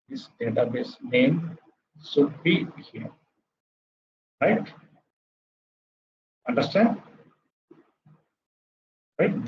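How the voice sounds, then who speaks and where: Indian man teaching code, muffled line. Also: on the high side. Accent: Indian English. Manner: repeats terms, asks "right?" after each step. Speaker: lecturer. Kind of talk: live coding lecture.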